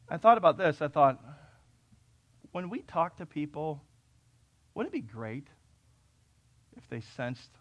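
A man from California preaching a sermon, reading scripture and telling stories, swinging between loud, urgent peaks and quiet, conversational asides. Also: medium pitch. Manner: conversational storytelling with fillers and restarts. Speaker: pastor.

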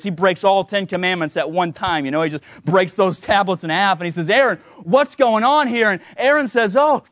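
Preaching a sermon in a fairly high voice, a man weaves in a funny personal story, chuckling and poking fun at himself. He acts out the quoted voices with a lively, shifting tone, and the sound is close and dry with no room echo.

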